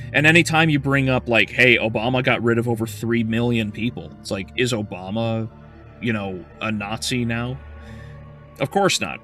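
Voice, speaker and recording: A man's voice: medium pitch, sharp tone. A male game streamer in casual livestream chat, ranting heatedly with profanity and frequent stumbling restarts.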